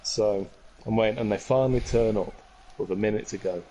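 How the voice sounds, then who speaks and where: A man's voice: lowish voice, brisk, dark tone. A young man co-hosting a podcast, telling a casual story with many restarts and self-corrections. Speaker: podcast co-host. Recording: noticeable background noise.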